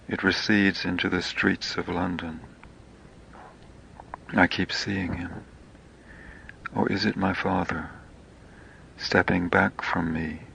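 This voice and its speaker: A man reading his own poetic memoir in slow, hushed, half-whispered phrases. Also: low-pitched, vocal fry, slight background noise.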